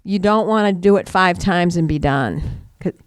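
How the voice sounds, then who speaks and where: Woman, lower-pitched, chatty, laughing, acts out quotes, mediation trainer. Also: moderate pace, smooth, dry recording, clean studio sound. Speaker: restorative justice mediator and trainer. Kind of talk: casual teaching talk.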